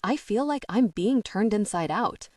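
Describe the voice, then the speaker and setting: A woman narrating a first-person romance audiobook in a soft, intimate way. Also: medium pitch, expressive, unhurried, no room sound, clean studio sound.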